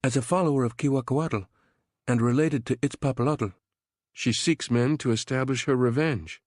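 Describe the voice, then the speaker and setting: A man's voice: mid-range voice, moderate pace, a little mellow, no echo, clean studio sound, pitched above the performer's own voice, natural voice. A man voicing a brave, scholarly young woman in an audiobook, speaking with commanding conviction. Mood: calm explaining. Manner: commanding, fervent prayer delivery. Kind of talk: audiobook character voice.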